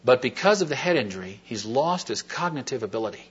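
Man, sermon testimony, conversational, halting with fillers, muffled lo-fi recording. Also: mid-range voice, animated, breathy edge. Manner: rambling, folksy, with many fillers and restarts. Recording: dull lo-fi recording.

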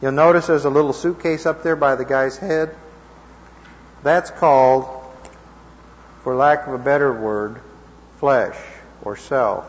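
A man giving an informal Bible teaching to a live group, conversational and checking in with his listeners, his voice a little hoarse. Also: medium pitch, steady tone, unhurried, pauses often. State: slightly hoarse. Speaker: preacher teaching a class. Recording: dull lo-fi recording in a reverberant hall.

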